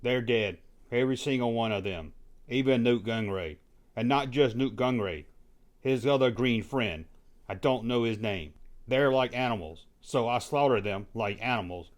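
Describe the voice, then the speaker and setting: A brooding young male warrior who has turned dark, as an actor plays him. He speaks quietly and low, with a cold, intense edge, in a film dialogue clip. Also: normal speed, close to an everyday voice. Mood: cold, grim.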